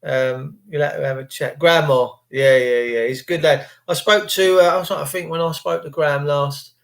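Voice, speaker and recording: Brief: English male streamer, jokey and crude, slightly higher voice. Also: steady tone, moderate pace, creaky. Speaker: livestream host reading chat. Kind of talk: rambling casual monologue.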